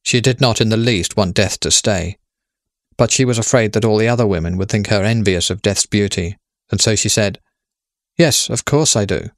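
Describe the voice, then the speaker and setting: A man reads a story aloud in calm, even narration. His voice sits low and the recording is dry and close, with no room sound. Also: fairly quick, no echo. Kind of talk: scripted narration.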